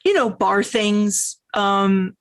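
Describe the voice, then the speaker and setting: A woman's voice: mid-range voice, drawn-out words. A woman playing in a tabletop role-play, hesitant with a dry, sarcastic edge. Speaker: player.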